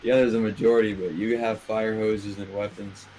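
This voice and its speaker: A man's voice: fairly low pitch, little pitch movement, normal speed, a loud crowd. A man in casual chat over a card game, arguing in a crude, joking way. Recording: noisy background.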